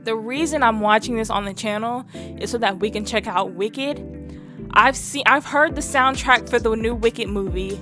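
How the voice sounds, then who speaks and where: Young woman, reaction vlog host: slangy, rambling, loose chat with a faint bit of music behind her. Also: a little high. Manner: chatty and slangy, rambling with lots of "like".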